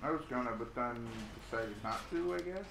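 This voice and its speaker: A man's voice: mid-range voice, lively intonation, brisk, gravelly. Easygoing male streamer, casual chat, roomy room, faint hum. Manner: laid-back, chatty.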